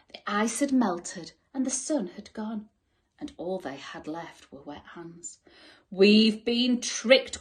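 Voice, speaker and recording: A woman teacher reading a bedtime story expressively and sometimes dropping to soft whispers. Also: medium pitch. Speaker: school teacher.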